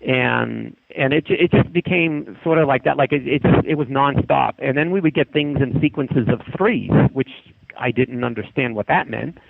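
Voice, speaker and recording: A man's voice: medium pitch, moderate pace, gravelly, no room sound. A man telling a long haunting story on a podcast in a rambling, casual way, often restarting his sentences. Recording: phone-line call-in.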